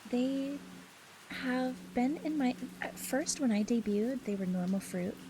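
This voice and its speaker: A woman's voice: fairly high pitch, unhurried. A woman chatting casually with her livestream audience, teasing and giggling often in flirty, mock-possessive banter. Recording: steady background noise.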